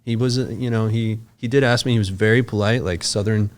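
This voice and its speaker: A man's voice: lowish voice, steady tone, fairly quick. A man, a podcast guest, telling a long story in casual, loose speech full of filler words and swearing.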